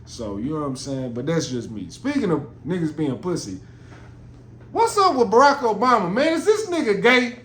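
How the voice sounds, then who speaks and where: This podcast host speaks in a high, sing-song voice at a moderate pace, with a fairly bright tone. He rambles casually and profanely through a monologue captured in a roomy space with faint background noise.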